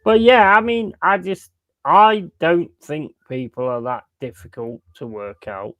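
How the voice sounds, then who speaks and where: A man's voice: on the high side, a little slow, fairly bright tone, no echo. A man hosting a casual chat, blunt and swearing freely. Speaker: host.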